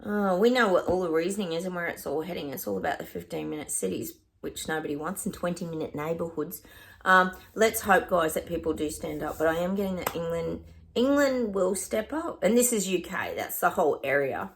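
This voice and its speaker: A woman with an Australian accent, talking casually to camera as a psychic. Her voice sits a little low, and she rambles along, restarting sentences and often breaking off with a laugh. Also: animated, brisk.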